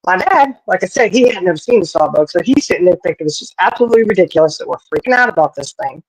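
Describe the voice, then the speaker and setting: A storyteller telling a family tale in a folksy, animated, rambling way with many asides. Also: mid-range voice, fast talker, husky, no echo, rough recording. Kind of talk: casual storytelling.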